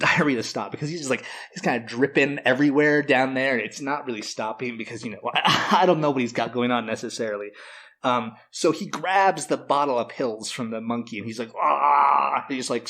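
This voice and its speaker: A man's voice: mid-range voice, fairly bright tone. A man co-hosting a podcast, telling a long crude joke in casual chat, rambling with fillers and frequent laughs. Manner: rambling storyteller, laughs often, filler-heavy. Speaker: podcast co-host.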